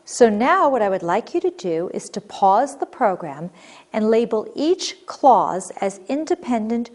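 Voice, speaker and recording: A woman teaching a recorded grammar lesson, reading example sentences clearly and expressively, then explaining them. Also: fairly high pitch, big pitch swings, a little slow, darkish tone.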